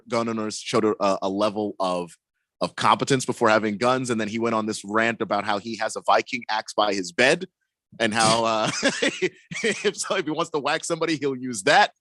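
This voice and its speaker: A man's voice: mid-range voice, fairly bright tone, no echo. A man co-hosting a sports radio show, chatting casually and laughing as he tells a story.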